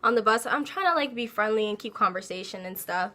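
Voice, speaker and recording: A young woman telling a casual storytime, animated and laughing as she acts out her own quotes. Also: mid-range voice, quick pace. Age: young adult. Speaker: vlogger.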